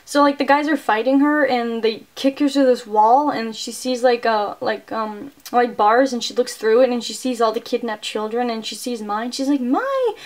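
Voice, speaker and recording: A young adult woman reviewing a movie, retelling the plot in an excitable, casual way and filling her sentences with "like". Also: fairly high pitch, moderate pace, hardly any pauses. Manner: chatty and excitable, heavy use of "like" fillers.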